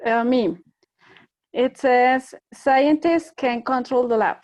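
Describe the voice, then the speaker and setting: Female student, higher voice, slow careful phrasing. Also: a little mellow. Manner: hesitant, careful learner. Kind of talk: classroom practice dialogue.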